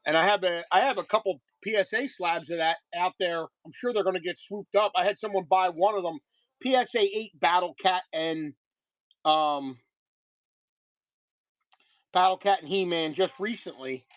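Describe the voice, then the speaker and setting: A man's voice: high-pitched, moderate pace, fairly bright tone, no room sound. A man in his thirties selling trading cards on a live stream, chatting casually in a rambling way with frequent restarts. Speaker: card seller on live stream.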